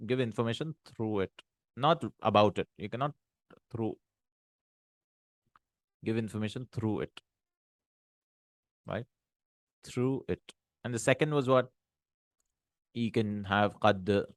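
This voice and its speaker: A man teaching an Arabic grammar lesson, explaining in English, often checking in with "right?" and "hmm?", and reading Arabic text out quickly. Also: fairly low pitch, no room sound, clean studio sound.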